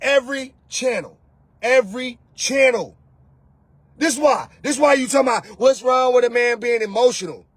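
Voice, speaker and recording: Male relationship coach, high and raspy, slangy and preachy, dry sound. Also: moderate pace, no echo. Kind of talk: casual opinion monologue.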